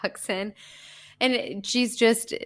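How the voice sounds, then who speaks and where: Lively woman retelling movie scenes. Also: on the high side, takes it slowly. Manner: animated storytelling, laughs easily. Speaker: podcast co-host. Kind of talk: casual movie discussion.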